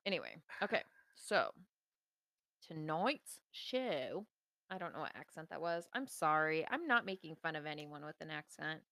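A woman's voice: low voice, big pitch swings, fairly quick, gravelly, pushed and bright, no room sound, clean studio sound. A woman co-hosting a podcast in casual chat, rambling and giggling with lots of fillers. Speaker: podcast co-host.

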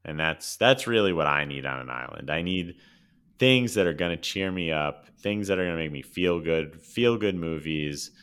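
A man with a very low, smooth and resonant voice co-hosts a casual podcast. He talks with eager, jokey enthusiasm and sometimes restarts his sentences when he gets excited. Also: normal speed. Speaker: podcast co-host. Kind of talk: casual chat.

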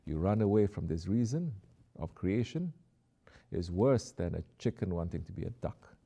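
Deep-voiced male preacher, soft to emphatic. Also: animated, moderate pace, creaky. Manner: exhorting, swings from soft to emphatic. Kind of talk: sermon.

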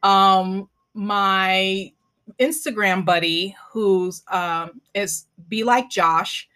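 A woman's voice: mid-range voice, extremely slow, pushed and bright. A woman hosting a podcast, chatting casually and telling stories animatedly with many fillers. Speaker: podcast host. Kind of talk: casual interview chat.

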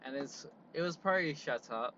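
A man's voice: a little high, lively intonation, a little fast, bright, forceful tone, dull audio, slight background noise. A man hosting a casual solo podcast from a parked car, rambling with lots of fillers and frequent laughs. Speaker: podcast host.

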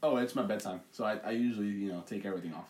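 A man's voice: on the low side, very fast. A young man co-hosting a casual podcast, telling a story with lots of acted-out quotes and swearing. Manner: animated storyteller, acts out quotes, swears freely. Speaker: podcast co-host.

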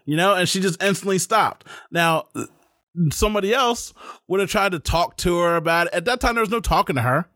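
Middle-aged male podcast host, lively raconteur who acts out every voice, higher-pitched, dry close sound. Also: brisk, no room sound. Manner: animated storyteller acting out voices. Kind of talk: casual interview chat.

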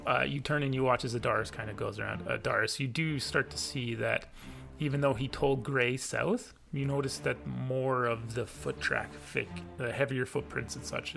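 A man with a medium-pitched, gravelly, slightly bright voice narrates a tabletop game as game master, halting with fillers and restarts.

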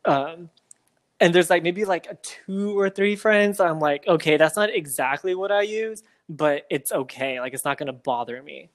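A man's voice: fairly high pitch, normal speed. A man co-hosting a podcast, telling stories in casual chat, leaning on "like" and swearing now and then. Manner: animated storyteller, heavy use of "like", swears. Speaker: podcast co-host.

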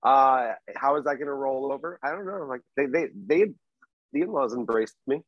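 A man from Oregon co-hosting a podcast, telling stories in a halting, rambling way. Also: medium pitch, dry recording, lo-fi sound. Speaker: podcast co-host. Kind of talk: casual chat.

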